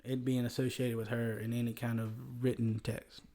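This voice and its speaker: A man's voice: medium pitch, level tone, normal speed, warm tone. A man with a Southern US accent hosting a casual history podcast, chuckling often as he talks. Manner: chuckles often, loose and conversational. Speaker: podcast host.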